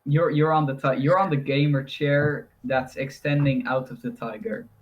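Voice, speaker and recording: A man's voice: mid-range voice, steady tone, moderate pace, lo-fi sound. A man narrating a tabletop role-playing game as game master, improvising scenes with loose, rambling description.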